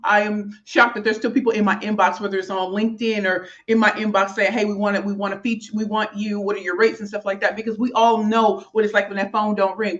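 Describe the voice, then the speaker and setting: A woman speaker and author chats in a heartfelt, rambling live stream, full of fillers and warm thanks to her viewers. She talks from a small office in a hotel suite. The stream audio is dull and lo-fi. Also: mid-range voice.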